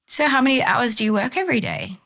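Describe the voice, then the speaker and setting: A woman voicing an eager, incredulous male American tourist who asks rapid, insistent questions. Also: a little high, animated, gravelly, a bit bright, pitched above the performer's own voice.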